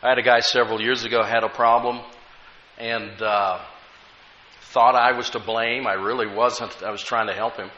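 A man's voice: medium pitch, fairly even intonation, moderate pace, sharp tone, slight background noise. An American man preaching a sermon as pastor, telling stories with rising emphasis. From United States. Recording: echoey room, dull lo-fi sound.

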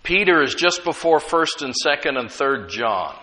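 A man's voice: on the high side, very animated, moderate pace, pushed and bright. A man preaching a sermon, emphatic, repeating key phrases and leading the congregation in call-and-response.

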